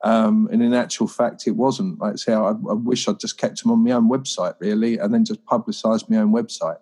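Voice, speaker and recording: A man's voice: fairly low pitch, steady tone, fairly quick, warm tone. A man, an inventor guest on a podcast, talking earnestly with frequent restarts. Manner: earnest, self-correcting, lots of ums and repeated starts. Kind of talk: casual chat.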